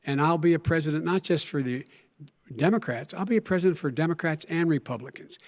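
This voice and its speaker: A man's voice: fairly high pitch, fast. A man speaking as a candidate in a televised debate, emphatic and insistent.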